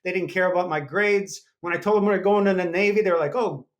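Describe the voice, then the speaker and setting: A man with a fairly high voice tells stories from his past as a podcast guest. He is animated and acts out the voices of the people in them. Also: fast talker. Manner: animated storyteller acting out quoted voices. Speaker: podcast guest, former Navy SEAL. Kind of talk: storytelling in an interview.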